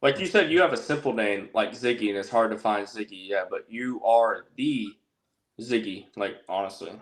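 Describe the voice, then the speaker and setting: A man's voice: lowish voice, normal speed. A man chatting casually as a guest on a livestream, rambling and joking, often correcting himself. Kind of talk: casual chat.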